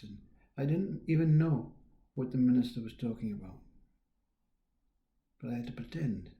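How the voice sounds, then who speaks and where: A man giving a reflective spiritual talk, musing in an unhurried way, trailing off and restarting, with quiet chuckles. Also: medium pitch, expressive, echoey room, highs cut off. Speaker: spiritual teacher.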